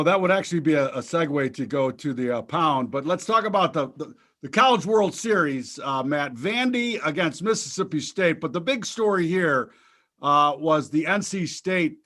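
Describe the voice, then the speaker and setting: A man's voice: on the high side, fairly bright tone. Blunt, joking man. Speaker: co-host of a markets talk show. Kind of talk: casual market chat.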